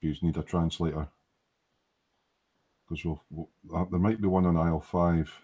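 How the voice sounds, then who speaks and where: A man's voice: deep voice, steady tone, normal speed, mellow, breathy edge. A Scottish man hosting a late-night live model-making stream, joking, swearing and muttering as he works at his bench. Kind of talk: casual late-night chat while building a kit. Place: at a hobby workbench.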